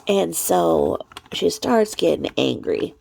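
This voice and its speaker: In casual vlog commentary, this channel host chats and rambles to camera, every so often slipping into a whisper. Her fairly low voice is sing-song, slow, creaky, and mellow.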